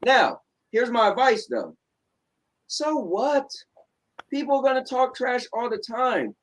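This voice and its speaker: A man with a New Jersey accent talks straight at the camera from his home. His voice sits high for a man, and he speaks bluntly and sarcastically in casual chat. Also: sing-song, moderate pace, a bit bright, poor audio. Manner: blunt, sarcastic, repeats "right?". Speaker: show host.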